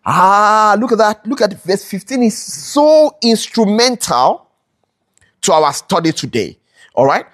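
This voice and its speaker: With lively intonation, a measured pace, and a fairly bright, medium-pitched tone, a Bible study teacher walks through scripture. They repeat rhetorical questions for emphasis, keep asking listeners "all right?", and correct themselves partway through sentences.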